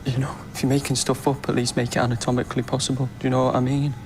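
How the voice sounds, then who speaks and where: A nosy shop clerk of middle years rambles on awkwardly and overfamiliarly, played by a man in a TV drama. His voice is mid-pitched, with clear noise in the scene behind him. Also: flat delivery, very fast, darkish tone, close to an everyday voice. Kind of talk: TV drama acting.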